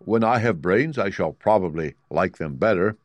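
A man's voice: sits low, lively intonation, normal speed, no room sound. Scarecrow, simple and grateful, light-voiced, read by a man. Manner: cheerful, lighthearted.

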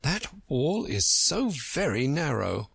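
Male reader doing a curious, courteous young girl, soft and lifted pitch, a little raspy. Storybook. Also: big pitch swings, slow, no room sound, heavily acted. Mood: gentle. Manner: gentle and polite. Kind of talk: storybook reading.

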